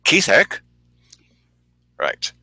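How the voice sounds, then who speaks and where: A man's voice: very slow, sharp tone, no room sound, rough recording. A man co-hosting a local news show, commenting sarcastically on clips in casual talk and laughing often.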